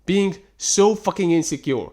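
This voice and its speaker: A man ranting through a reaction commentary with exasperated sarcasm and frequent swearing. His fairly high voice leaps up and down in lively swings as he questions and scolds. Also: a little slow. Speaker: host reacting to text screenshots.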